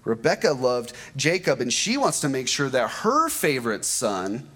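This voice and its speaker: A man giving a sermon, retelling a scripture story in a conversational, animated way with asides to the congregation. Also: medium pitch, moderate pace. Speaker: preacher.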